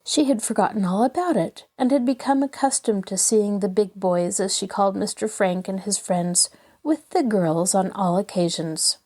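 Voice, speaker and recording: A woman narrates a classic novel in a measured, expressive way. Her voice is dark and mellow, at an ordinary pitch for a woman. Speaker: host and audiobook narrator. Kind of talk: scripted narration.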